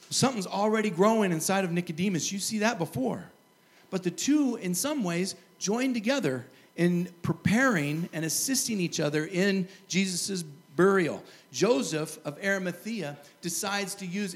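A middle-aged man preaching a sermon, telling stories with lively asides and chuckles. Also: sits high. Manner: lively storytelling, animated asides and laughs. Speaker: pastor.

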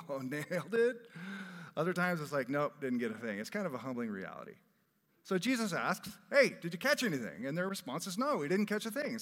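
A middle-aged man preaching a sermon, telling the story with lively voiced-out quotes. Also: mid-range voice. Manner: animated storytelling preacher, acts out quoted lines. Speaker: pastor. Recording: long hall reverb.

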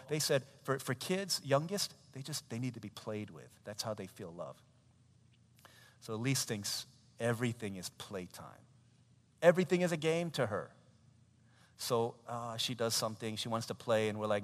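A man in his thirties preaching a sermon, telling a family story in an animated way, with laughter and acted quotes. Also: mid-range voice, moderate pace. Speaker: pastor. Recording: long hall reverb.

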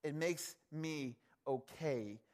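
A male preacher delivering a sermon in an emphatic, conversational way, swinging between loud passion and hushed tones. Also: fairly high pitch, slow pace.

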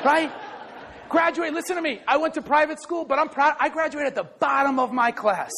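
A male pastor preaching a lively sermon, often shouting and joking with the congregation. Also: very high-pitched, fairly quick, vocal fry, slight background noise.

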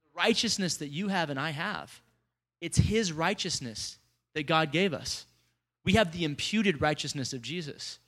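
A pastor giving a lively, conversational sermon to a congregation, calling out to the people in front of him. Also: male voice, a little high, moderate pace. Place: church service before a congregation.

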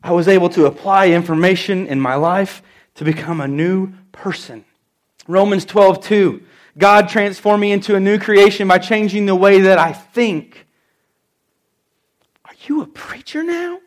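A middle-aged man preaching a sermon in church, telling stories and stressing key phrases with slow, emphatic repeats. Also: high-pitched. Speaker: pastor.

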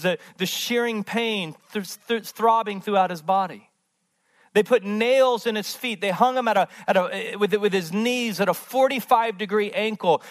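A man preaching a sermon in a church as pastor, impassioned and repetitive, swinging from loud emphasis to hushed tones. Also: sits high. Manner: repeats words, restarts phrases.

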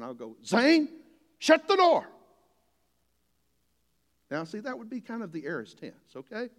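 Folksy older pastor in a reverberant hall. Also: male voice, on the high side, a little mellow. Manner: folksy, earnest, rises to emphatic preaching. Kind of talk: sermon.

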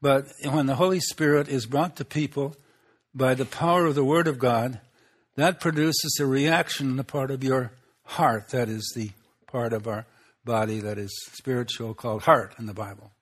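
A man preaching a sermon in a voice of ordinary middle pitch. He teaches at an unhurried pace, pausing often between phrases. He asks his listeners rhetorical questions as he goes. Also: fairly even intonation.

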